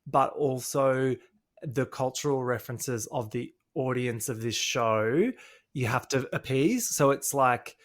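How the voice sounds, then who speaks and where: A man co-hosting a podcast, recapping a reality show in casual chat with quick asides. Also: mid-range voice. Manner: chatty, quick asides, mimics others in quotes. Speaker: podcast co-host.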